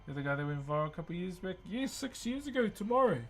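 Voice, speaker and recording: Brief: relaxed New streamer, talky and friendly, fairly high for a man, quiet music underneath. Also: quick pace. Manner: relaxed, chatty, thanks viewers often. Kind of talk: casual live-stream chat while working.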